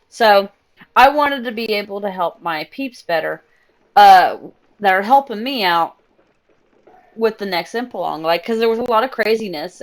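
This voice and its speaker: A young woman streaming live, chatting excitedly and telling stories while she plays a game. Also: mid-range voice. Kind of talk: casual gaming stream chat.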